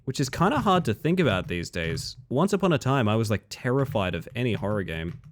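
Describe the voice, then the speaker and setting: A man's voice: medium pitch, fairly quick, slight background noise. A tired man chatting casually with his viewers while streaming a game. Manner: relaxed, chatty, talks to chat between runs. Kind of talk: casual gameplay commentary.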